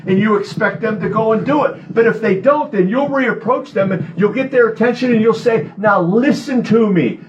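A man delivers a sermon from a church podium, his voice sitting noticeably high. He preaches earnestly, leaning on repeated phrases to drive each point home. The recording is slightly dull and muffled. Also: a little fast, few pauses, a little hiss or hum. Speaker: pastor.

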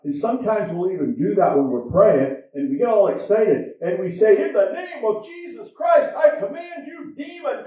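High-voiced man preaching in an echoey church. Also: dark tone. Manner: conversational, repetitive preaching. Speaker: pastor. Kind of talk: sermon. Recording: echoey, dull sound from far off.

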